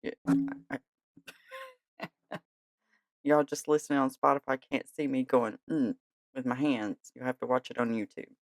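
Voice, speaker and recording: A podcast host in a gentle, chatty way of talking, tired and yawning late at night. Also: medium pitch, steady tone, unhurried, long pauses, no echo. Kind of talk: casual podcast talk.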